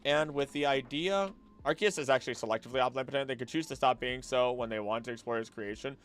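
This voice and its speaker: Talking fast in a mid-range voice, a young man chats casually on a late-night stream, thinking out loud. He rambles, gets distracted easily, drifts from the topic and restarts his sentences many times.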